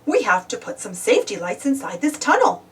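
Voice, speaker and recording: A woman's voice: a little high, sing-song, fairly quick, distant mic. A woman voicing a kind, reassuring man who leads a building crew, a little away from the mic. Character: kind, calm adult male builder in charge.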